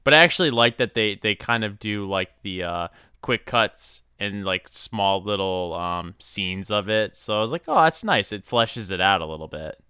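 Male podcast co-host, smooth and clear voice, dry close sound, hesitant casual reactions. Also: lowish voice, moderate pace, hardly any pauses, bright, forceful tone, no echo. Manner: hesitant, filler-heavy reactions. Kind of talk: casual chat.

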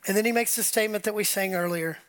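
Man preaching to a congregation; animated, casual, slips into quoted dialogue. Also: sits high, fast. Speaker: pastor. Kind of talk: conversational sermon. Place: church sanctuary with congregation.

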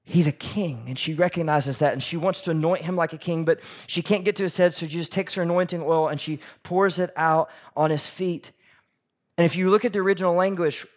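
A pastor preaches a sermon in a lively, animated way, acting out the voices of people in his story. His voice is on the high side and a little fast.

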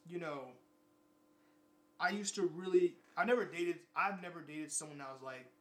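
Young male vlogger with a slightly high voice who rambles, loops on phrases and curses often. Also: a bit bright. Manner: rambling, repetitive, profane. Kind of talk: casual monologue.

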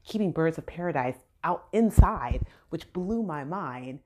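A woman's voice: low-pitched, animated, a little slow, mellow, a little hiss or hum. A woman from Southern California telling a personal story in a casual, chatty way, acting out the dialogue. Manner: chatty, acts out quoted dialogue.

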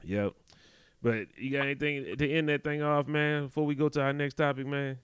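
A man's voice: medium pitch, steady tone, brisk, a bit bright, clear, resonant tone, dry recording. Man, podcast co-host, casual chat, laid-back, dry close sound. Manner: laid-back, conversational, often asks "you know what I'm talking about".

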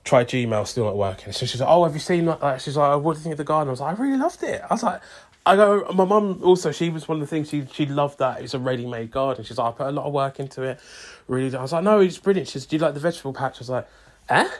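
Young guy rambling through a story, voices both sides of the chat, mid-pitched. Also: rapid-fire. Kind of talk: casual storytelling.

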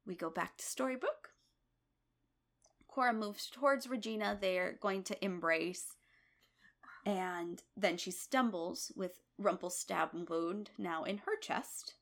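A woman co-hosting a podcast, casually recapping a TV episode, blunt and quick to swear. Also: mid-range voice, a bit bright. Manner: blunt, swears freely, retells scenes in a chatty way. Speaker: podcast co-host.

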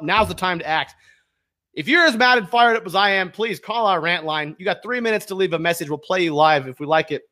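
Sweaty and worked up, this podcast host launches into a heated political rant in a very high, bright voice. He yells accusations at first, then calmly moves on to plugs.

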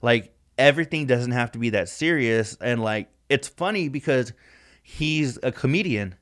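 A man's voice: mid-range voice, expressive, normal speed, fairly bright tone. A man co-hosting a podcast in casual chat, rambling and swearing, with "like" in nearly every sentence. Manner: rambling, profane, heavy use of "like". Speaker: podcast co-host.

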